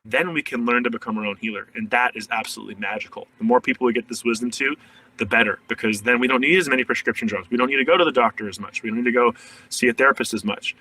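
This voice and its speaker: A man's voice: medium pitch, steady tone, very fast, sharp tone, distant mic, poor audio. A man, a shadow work coach, talking earnestly in a casual podcast interview, full of "like" fillers and restarts.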